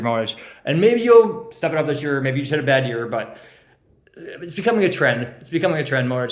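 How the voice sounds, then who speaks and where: A man's voice: mid-range voice, roomy sound. A young man roasting his fantasy league friends as he hands out draft grades, teasing and rambling, with lots of ums and laughs at his own jokes. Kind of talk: joking casual roast.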